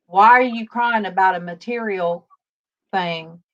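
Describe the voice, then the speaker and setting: A woman hosting a casual faith-based livestream, telling stories slowly with many fillers over a video call. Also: mid-range voice. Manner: rambling, warm storytelling with many fillers. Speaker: livestream host. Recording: dull lo-fi stream audio.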